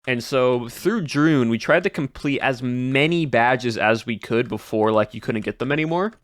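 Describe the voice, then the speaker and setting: Recapping the year for his chat, a man streams in a casual, rambling way, repeating words and letting sentences trail off. He speaks at a moderate pace in a mid-range voice, and the recording is dry with clean studio sound.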